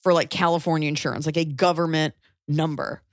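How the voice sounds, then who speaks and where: Woman, thirties, casual storyteller, slightly low voice, animated, dry close mic. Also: a little fast, no room sound. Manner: animated, acts out quotes, swears when angry.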